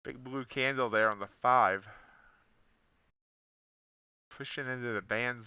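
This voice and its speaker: A man's voice: medium pitch, fairly even intonation, moderate pace, pushed and bright, clear, resonant tone, no room sound, dull audio. A man streaming live futures trading, casually thinking aloud as he calls his trades.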